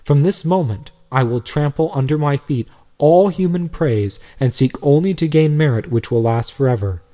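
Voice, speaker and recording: A man's voice: on the high side, moderate pace, warm tone, pitched above the performer's own voice, natural voice. A man reading as an eager young law student. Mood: earnest. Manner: earnest, rising enthusiasm. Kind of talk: storybook reading.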